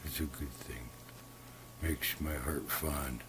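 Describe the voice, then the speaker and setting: An older man telling folksy stories in a slow, halting, soft-spoken way with many fillers. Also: extremely low pitch, fairly even intonation, slight background noise. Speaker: storyteller. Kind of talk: casual folksy storytelling.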